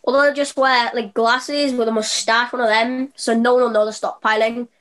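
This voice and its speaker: A woman co-hosting a casual podcast, talking in a rambling, deadpan way with many fillers. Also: on the high side, normal speed. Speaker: podcast co-host. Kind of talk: casual chat.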